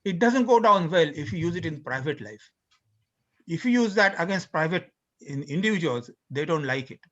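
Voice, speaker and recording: A man giving an introductory lecture in an explanatory manner, pausing and restarting between points, on a dull lo-fi recording. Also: on the high side, animated, fairly bright tone. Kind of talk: introductory lecture with recited lyrics.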